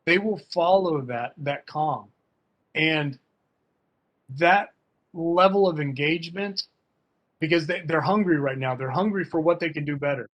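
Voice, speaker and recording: A man's voice: a little high, unhurried, pauses often, a bit bright. A man talking casually and emphatically as a fencing coach in an online workshop, full of slang. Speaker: fencing coach and guest speaker.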